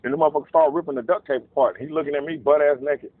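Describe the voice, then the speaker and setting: A man telling a casual, profane story, animated and acting out voices in quotes. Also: on the high side, racing, no room sound. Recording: narrow phone-like dry sound.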